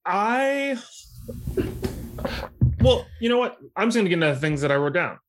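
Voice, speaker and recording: A man co-hosting a podcast, talking casually and rambling with lots of fillers and restarts, pitch jumping up when he makes a point. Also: big pitch swings, normal speed, noisy background. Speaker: podcast co-host. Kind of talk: casual chat.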